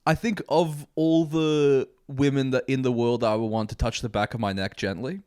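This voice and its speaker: A man's voice: mid-range voice, steady tone, normal speed, darkish tone, clean tone, no echo, studio quality. A man chatting casually as a guest, enthusiastic and slangy. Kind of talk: casual comedic chat.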